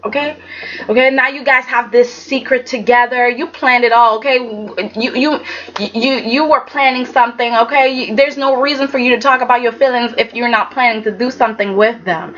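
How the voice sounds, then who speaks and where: A woman's voice: a little high, moderate pace, fairly bright tone, lo-fi sound, slight background noise. A woman giving a casual, emphatic recap of a soap opera episode, often checking in with "okay?" and restarting her sentences.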